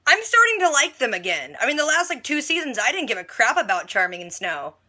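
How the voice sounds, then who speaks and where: A woman's voice: high-pitched, big pitch swings, a little fast, bright, forceful tone. A woman recapping a TV episode in a casual, snarky vlog, chatting along with lots of "like" and "freaking". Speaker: TV reaction vlogger.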